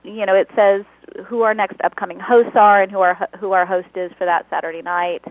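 A woman's voice: medium pitch, level tone, a little fast, dry recording, rough recording. A woman guest, a comedy actor, chatting casually in an interview, laughing often and talking about herself with self-deprecating humor. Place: Los Angeles.

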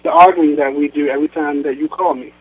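A tired, defensive grown daughter , read by a man who keeps apologizing and dodging her mother's questions. The sound is thin and phone-like. The voice sits a little high. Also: steady tone, fast talker, breathy edge. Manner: apologetic and evasive. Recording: tinny phone line.

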